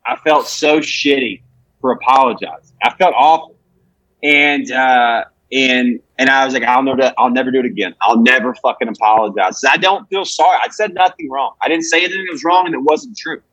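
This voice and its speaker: A man's voice: mid-range voice, fairly quick, a bit bright, no room sound, highs cut off. Brash guy in his 20s, cussing a lot, rambling stories, dry close sound. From Alabama. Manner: profane, brash, rambling with restarts. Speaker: comedian guest. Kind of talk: casual podcast storytelling.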